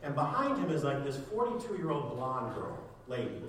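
A male pastor preaching a sermon, animated while telling a story and soft and earnest when he makes his appeal. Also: medium pitch, normal speed. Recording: echoey room mic from a distance with background noise.

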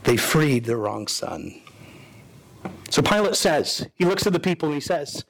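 High-voiced dramatic preacher man. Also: very animated, measured pace, gravelly, a bit bright. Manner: dramatic storytelling preacher, voicing characters with pitch swings. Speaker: pastor. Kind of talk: sermon.

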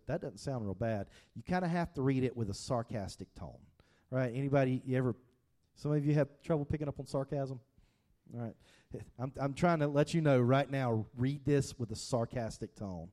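A man preaching a sermon in a relaxed, talk-to-you way, with plenty of restarts and asides to the congregation. His voice is mellow and dark, and his pitch sits in an ordinary middle range. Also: normal speed. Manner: conversational, with frequent fillers and restarts, addresses congregation directly. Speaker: pastor.

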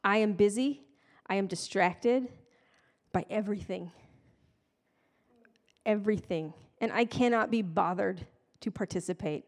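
A woman's voice: medium pitch, a little slow. A woman giving a casual, conversational sermon with playful, self-deprecating asides. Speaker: preacher. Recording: long hall reverb.

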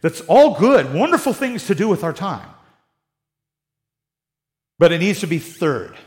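High-voiced man preaching a casual sermon. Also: sing-song, a little slow, a little mellow. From United States. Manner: conversational preaching with sarcastic asides. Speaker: pastor.

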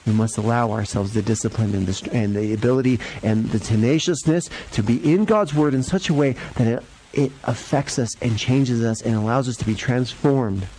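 A male pastor giving a conversational sermon in a church, jumping up and down in pitch to stress his points. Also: normal speed, a little hiss or hum, rough recording. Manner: conversational and lively, varies pitch for emphasis. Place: church sanctuary.

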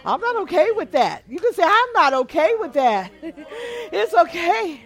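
A woman preacher leading an altar call in church, speaking in repetitive cadences and swinging from hushed prayer to shouting. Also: very high-pitched, sing-song, moderate pace. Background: soft music.

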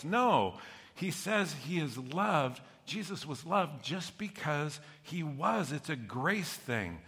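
A middle-aged male pastor preaching a sermon to his congregation, lively and jokey, often checking in with "okay?". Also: on the high side, slow, breathy edge, in a large hall. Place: church sanctuary.

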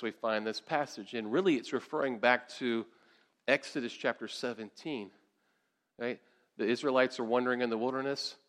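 This is a medium-pitched man preaching a sermon. He keeps it conversational and animated, regularly asking his congregation questions.

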